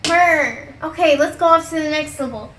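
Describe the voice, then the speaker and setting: A young woman in a comedy sketch, playing a teacher who spells out words slowly with exaggerated patience. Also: sits high, a bit bright, echoey room, slight background noise. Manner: exaggerated, patient-then-exasperated teacher delivery, stretches out words.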